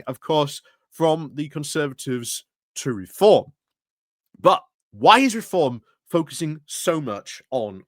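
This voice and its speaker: A man's voice: fairly high pitch, a bit bright, dry recording. A man hosting a casual political commentary livestream, chatty and wry, with lots of filler words and self-corrections. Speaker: political commentary channel host.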